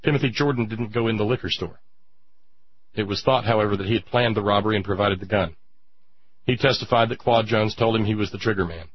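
Husky, low-pitched male commentator, indignant monologue, dry and dull lo-fi sound. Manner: indignant, drawn-out emphatic pauses. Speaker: radio commentator. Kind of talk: impassioned political monologue.

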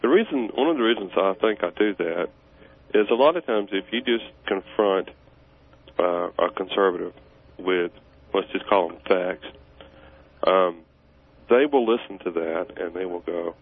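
A man's voice: deep voice, normal speed, long pauses. A man calling in to a radio show, explaining his point earnestly. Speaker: caller. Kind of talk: phone-in call. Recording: tinny phone line with faint hiss.

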